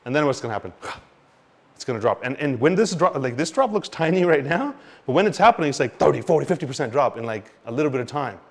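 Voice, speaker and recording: A man teaching about crypto market cycles in an animated, expressive way, swinging between loud and quiet and mimicking panicked investors. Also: medium pitch, quick pace. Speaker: crypto educator. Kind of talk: explanatory talk to camera.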